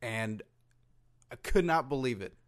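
A man's voice: mid-range voice, animated, unhurried, smooth. A man co-hosting a casual podcast, throwing in dry wisecracks. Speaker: podcast co-host. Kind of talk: casual chat.

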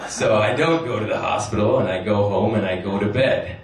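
A man's voice: lowish voice, fairly quick, crowd noise. A man doing stand-up, telling a rambling, crude, self-deprecating story and chuckling through his lines. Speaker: stand-up comedian. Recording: echoey room from a distance, noisy.

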